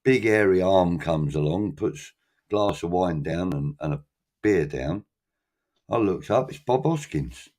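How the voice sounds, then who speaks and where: A man's voice: deep voice, expressive, a little slow, a little mellow. A man, middle-aged, telling a long story in casual chat, acting out voices and swearing freely.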